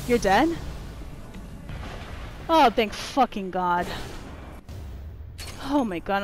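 A woman playing a horror video game, swearing and yelling in loud panicky outbursts, then muttering in a low voice as she reads notes aloud. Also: animated, very slow, pauses often, soft background music. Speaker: gamer. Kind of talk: let's play commentary.

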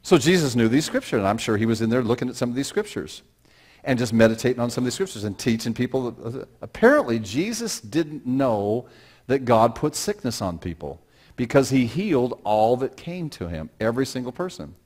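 A male pastor in middle age delivers a sermon in a mid-range voice. He talks to the congregation in a casual, conversational way and leans hard on scripture, pushing his voice up and slowing down for emphasis. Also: medium pitch, very animated. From Pacific Northwest of the United States. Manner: conversational preaching that swells to loud, drawn-out emphasis on scripture.

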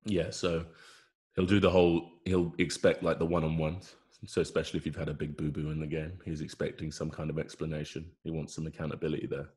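A man's voice: rumbling low, little pitch movement, quick pace, darkish tone. A man, a rugby player, chatting in a laid-back way with lots of fillers and trailing thoughts. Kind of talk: casual chat.

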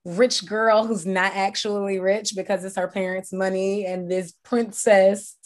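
A woman's voice: medium pitch, little pitch movement, measured pace. A woman interviewed as an actress, talking casually and reflectively with frequent fillers. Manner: chatty, reflective, many fillers.

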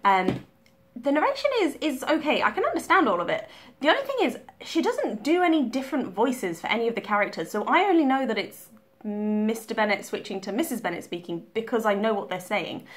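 A woman's voice: fairly high pitch, sing-song, a little fast. A young woman talking casually about her reading, chatty and full of ums and restarts. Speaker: book vlogger.

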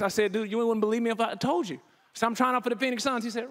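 High-voiced man telling a keynote story. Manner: animated, acts out dialogue with quick voice changes; casual, slangy phrasing. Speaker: keynote speaker.

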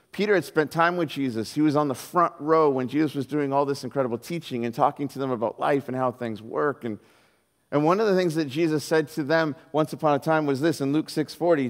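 A middle-aged man preaching a sermon as pastor, telling the story with animated quoted voices. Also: on the high side, big-room sound. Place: church hall.

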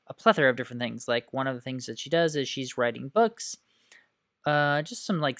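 A YouTuber chats through a life-simulation game in casual, upbeat commentary, thinking aloud with fillers and small laughs. The voice is smooth and clear, sitting in the middle of its range. It is recorded dry on a close desk microphone. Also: medium pitch, a bit bright, no room sound. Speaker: gaming YouTuber.

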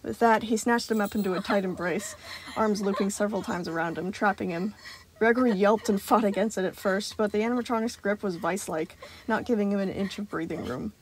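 A woman's voice: mid-range voice, fairly quick. Woman reading a story aloud. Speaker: fan fiction reader. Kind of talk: storytelling narration.

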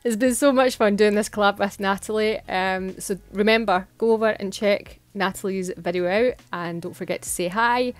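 Casting: chatty Scottish woman, nail vlogger, giggly, mid pitch, dry sound. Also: moderate pace, few pauses, no echo. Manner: chatty, giggly, self-deprecating. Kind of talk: casual tutorial narration.

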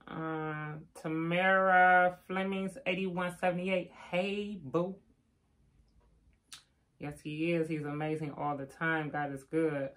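A woman's voice: sits low, fairly even intonation, takes it slowly, fairly bright tone. An older woman, chatting casually on a live stream and reading out viewer names with teasing asides. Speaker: vlogger giving live shout-outs.

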